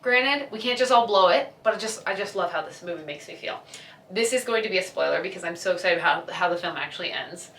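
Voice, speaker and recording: A woman's voice: fairly low pitch, expressive, fast, a bit bright, slight background noise. A young woman, chatting casually and gushing as she retells a film, acting out the lines. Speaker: vlogger. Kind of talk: casual chat. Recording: echoey room, a bit far from the mic.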